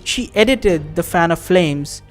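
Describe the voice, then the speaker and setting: A man's voice: on the high side, animated, measured pace, faint music behind. A man playing a text adventure, reading its passages aloud and chatting casually between them, swearing offhandedly as he thinks aloud. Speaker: game streamer. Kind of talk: let's-play commentary, reading game text aloud.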